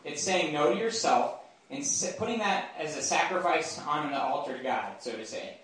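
A man's voice: fairly high pitch, animated, normal speed, fairly bright tone. A man giving a conversational Bible talk to a campus group, often checking in with his listeners. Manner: informal, keeps checking in with listeners. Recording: very echoey room, mic far off.

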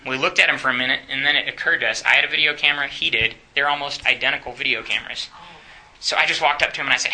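A man's voice: medium pitch, rapid-fire, bright, forceful tone, slight background noise, poor audio. A man teaching a church class in a chatty way, often asking the room questions and laughing.

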